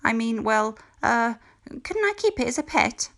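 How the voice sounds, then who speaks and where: A woman's voice: lowish voice, normal speed, fairly bright tone. A woman voicing an anxious, clumsy young schoolgirl witch who speaks hesitantly and pleadingly. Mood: flustered.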